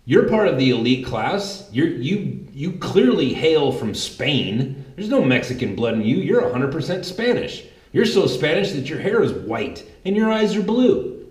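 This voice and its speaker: A man's voice: fairly high pitch, big pitch swings, measured pace, darkish tone, reverberant. Fired-up, swearing male commentary host. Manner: fired-up, confrontational, swears freely. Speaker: political commentary show host. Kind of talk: heated political commentary.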